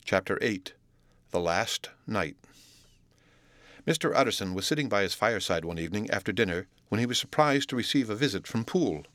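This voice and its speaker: A man narrating a classic novel as an audiobook, in a steady, measured storytelling voice. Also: on the low side, no echo. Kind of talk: scripted narration.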